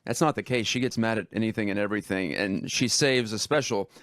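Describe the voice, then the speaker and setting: A man with a fairly low voice hosts a radio talk show from a studio. His sound is dry and close. He talks in a loose, rambling, self-mocking way. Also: a little fast, a bit bright, no room sound. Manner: conversational and rambling, laughs at himself. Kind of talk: casual radio talk monologue.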